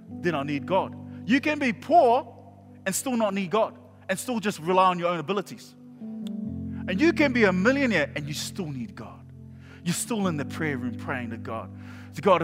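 A man preaching a sermon as pastor, animated and joking, with sudden shouts and quiet drops. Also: high voice, moderate pace, in a large hall, music in the background. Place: church hall.

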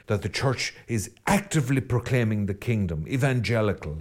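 A man's voice: lowish voice, expressive, normal speed, hardly any pauses, a little mellow. An Irish man, a Catholic priest, giving an earnest, rambling podcast reflection with self-deprecating asides.

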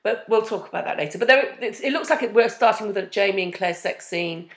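A woman's voice: medium pitch, fast, echoey room. A woman co-hosting a casual chat about a TV series, chatty, recapping the plot and adding trivia. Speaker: podcast co-host.

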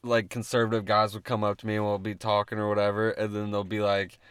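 A man's voice: on the low side, completely flat delivery, fast talker, clear, resonant tone, no room sound, clean studio sound. A young man, co-hosting a casual podcast and rambling with lots of swearing. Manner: rambling, swearing, laughing often. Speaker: podcast co-host. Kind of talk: casual chat.

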